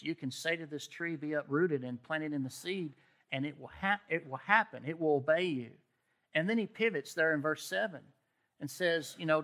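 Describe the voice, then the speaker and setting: A man's voice: a little high, creaky, sharp tone. A man preaching a sermon in a conversational way, often checking in with "okay?" and restarting his words. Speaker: pastor.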